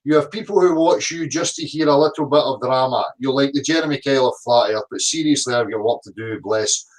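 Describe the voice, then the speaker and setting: A man's voice: medium pitch, fast talker, far from the mic. A middle-aged man, reading out online comments and answering them with sarcasm, swearing and combative rants. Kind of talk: reading comments aloud and ranting.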